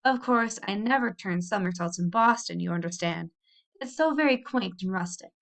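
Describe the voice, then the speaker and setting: Brief: woman voicing a fussy, prissy girl cousin, high whiny pitch, storybook reading. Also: expressive, normal speed, close to an everyday voice. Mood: prim. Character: prim fussy city girl cousin, easily upset.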